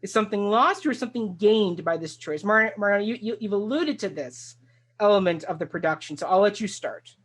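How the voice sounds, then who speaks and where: An eager talk show host who rambles happily through a casual discussion. Sentences often restart mid-thought. The voice sits at a middling pitch. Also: brisk, fairly bright tone. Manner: enthusiastic, rambling and full of restarts. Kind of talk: casual discussion of a stage musical.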